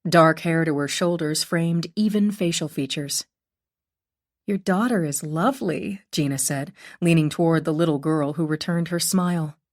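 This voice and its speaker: A woman narrating a mystery audiobook in a measured, even storytelling manner. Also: low-pitched. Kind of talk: scripted narration.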